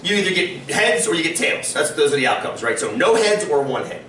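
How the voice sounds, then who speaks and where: A man with a slightly high voice teaches a statistics class a little fast, lecturing in a lively way and quizzing his students often. It's recorded from a distance in an echoey classroom, with a little hiss or hum.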